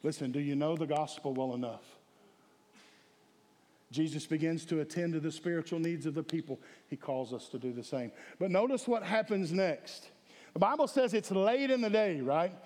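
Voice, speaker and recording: Man, pastor, high voice, emphatic sermon delivery, reverberant church sanctuary. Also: lively intonation, moderate pace, a little mellow. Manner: emphatic, calls for audience response. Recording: echoey hall with long reverb.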